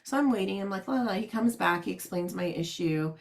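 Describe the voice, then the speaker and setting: Animated woman telling a story casually. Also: mid-range voice, brisk, vocal fry. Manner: animated, acts out quotes, laughs often.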